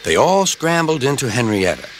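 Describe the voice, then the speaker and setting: A man narrating a children's storybook in a measured, expressive manner. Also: mid-range voice, a little hiss or hum.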